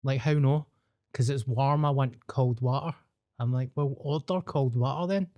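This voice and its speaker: A man's voice: mid-range voice, moderate pace, dark tone. A Glaswegian Scottish man co-hosting a casual comedy podcast, telling laid-back, dry anecdotes. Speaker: podcast co-host.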